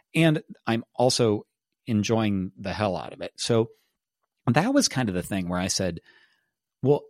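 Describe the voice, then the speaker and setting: A man in his forties hosting a casual solo podcast, wry and animated, laughing at himself as he muses aloud. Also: on the low side, no room sound, studio quality. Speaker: podcast host.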